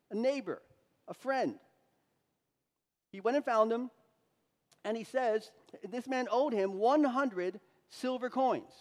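High-voiced preacher in a reverberant hall. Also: male voice. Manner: expository preaching with rising emphasis and dramatic quoted voices. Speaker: pastor. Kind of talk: sermon.

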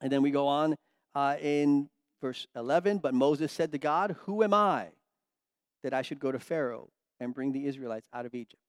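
A man teaching a Bible study, animated and emphatic, dropping to quiet asides between loud stressed points. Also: mid-range voice, normal speed, smooth, no echo, clean studio sound.

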